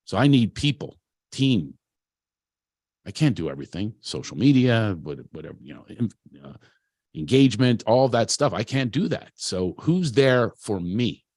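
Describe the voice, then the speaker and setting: A man's voice: fairly low pitch, very animated, normal speed, a little mellow, dry recording, clean studio sound. A man who works as a producer gives a candid, self-deprecating motivational talk, telling personal stories loosely with frequent restarts. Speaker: producer and speaker at a talent event.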